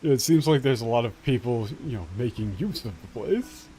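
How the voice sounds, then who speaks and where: A man's voice: mid-range voice, expressive, fairly quick, mellow, husky. A young man commentating a game he is playing, translating the dialogue in a rambling, profane way with many fillers and restarts. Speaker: let's play streamer.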